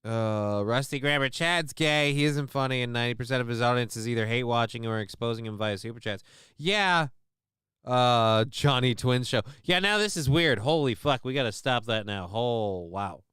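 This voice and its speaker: A man's voice: medium pitch, moderate pace, fairly bright tone, clean tone, no room sound, studio quality. A man hosting a livestream, talking casually in a rambling, profane, self-mocking way. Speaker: livestream host.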